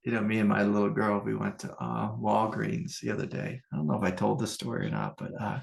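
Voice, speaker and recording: A man's voice: lowish voice, animated, a little fast, gravelly. A middle-aged American man, a meditation teacher, giving an informal, rambling spiritual talk full of anecdotes and fillers. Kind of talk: casual spoken satsang talk.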